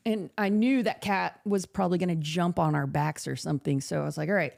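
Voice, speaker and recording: A woman podcast host telling a story in casual chat. She talks in an animated way, swears freely and laughs often. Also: mid-range voice, brisk, creaky, hardly any pauses.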